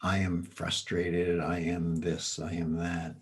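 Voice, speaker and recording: A man guides a participant through a coaching exercise on a video call. His voice sits low and his pace is unhurried. He gently repeats his prompts. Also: monotone. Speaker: healing facilitator.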